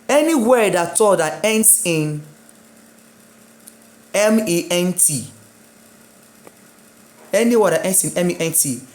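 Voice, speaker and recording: A woman's voice: lowish voice, darkish tone. A woman with a Nigerian English accent teaching an exam-prep English lesson, spelling out letters and repeating words, asking and answering her own questions. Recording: echoey room.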